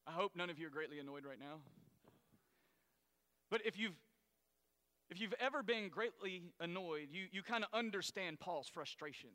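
A man preaches a sermon with a high, bright, cutting voice. He talks casually and acts out the story's people in sudden loud bursts. His voice rings with the long reverb of a big hall. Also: lively intonation, moderate pace, long pauses. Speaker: pastor.

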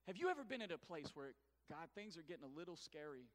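A man's voice: on the high side, fast. A middle-aged man preaching a sermon, calling on the congregation to answer back. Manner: animated preaching with call-and-response to the congregation. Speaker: pastor. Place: church sanctuary. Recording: long reverb of a church hall.

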